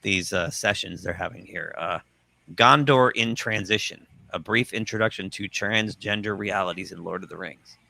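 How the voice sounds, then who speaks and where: A man's voice: sits low, normal speed, creaky, bright, forceful tone, no room sound. A man hosting a pop culture livestream, reading news quotes aloud with sarcastic asides. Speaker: host.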